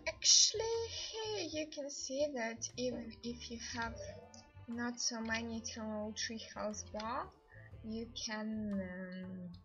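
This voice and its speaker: A woman hosting a live game stream, commenting excitedly as she plays, laughing often and speaking English as a second language. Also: on the high side, slow pace, dull audio, faint music behind. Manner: excitable, laughs often, non-native grammar.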